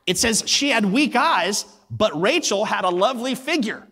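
High, lively-voiced man preaching. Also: normal speed, few pauses, slightly rough. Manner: animated storytelling with acted voices; emphatic, repeats words for weight. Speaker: pastor. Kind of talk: sermon.

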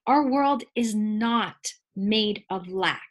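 A woman in her forties speaks slowly in a medium pitch as a guest in a conversational interview. She explains ideas in a playful, animated way and laughs often.

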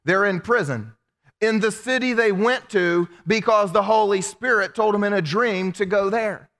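A man preaching a sermon as pastor, animated and humorous, acting out quoted prayers in his telling. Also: high-pitched, moderate pace. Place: church sanctuary. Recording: long hall reverb from the sanctuary.

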